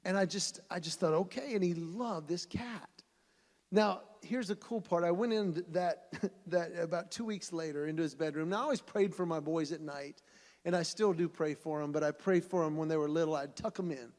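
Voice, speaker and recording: A man giving a storytelling speech to an audience, animated and acting out voices as he goes. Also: a little high, moderate pace. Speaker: speaker at a fundraising event. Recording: long hall reverb.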